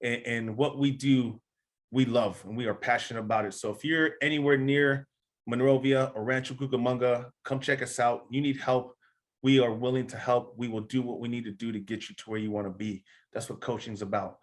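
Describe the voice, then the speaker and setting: A man's voice: medium pitch, fairly even intonation, a little fast. A man hosting a podcast as a gym coach, talking in an earnest, passionate way that turns emotional. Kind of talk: casual podcast interview.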